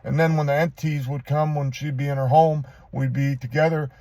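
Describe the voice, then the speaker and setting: Guy with a dark mellow voice telling his own story, stops and restarts a lot, very dry sound. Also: fairly high pitch, level tone, dry recording. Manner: halting, rambling, with many restarts; earnest and confessional. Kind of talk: personal testimony monologue.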